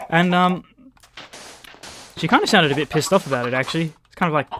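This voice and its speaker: A man's voice: fairly high pitch, fast, long pauses, noisy background. A man with an Australian accent, rambling casually and swearing freely while he plays a game and chats to his viewers. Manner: rambling, swears freely, talks to the game's chickens. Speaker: gaming YouTuber.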